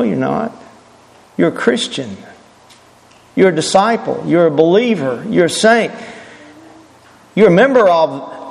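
A man's voice: a little high, gravelly, in a large hall, low-quality recording. A man preaching a sermon earnestly, asking rhetorical questions and stressing his points.

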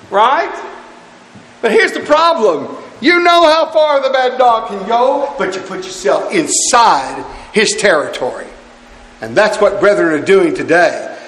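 A man's voice: very high-pitched, fairly bright tone, in a large hall. A man preaching a sermon in a church, folksy and pleading with his congregation, chuckling as he goes.

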